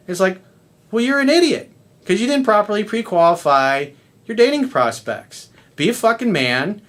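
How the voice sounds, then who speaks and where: A man with a somewhat high-pitched voice delivers a blunt, profane lecture as a dating coach. He talks straight to his audience in a hectoring, no-nonsense way. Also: a bit bright. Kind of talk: ranting monologue to camera.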